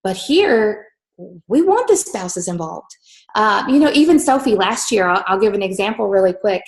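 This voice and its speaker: A woman co-hosting a business talk, who tells stories to the audience in an animated, chatty way full of fillers. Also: mid-range voice, normal speed, low-quality recording. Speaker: host. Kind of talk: storytelling to an audience.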